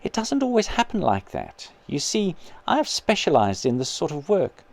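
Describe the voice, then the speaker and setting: A man reading aloud as a patient male spirit who gently and earnestly persuades his grieving sister. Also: a little high, normal speed, creaky, exaggerated voice. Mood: gentle. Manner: calm, kindly, earnest persuasion.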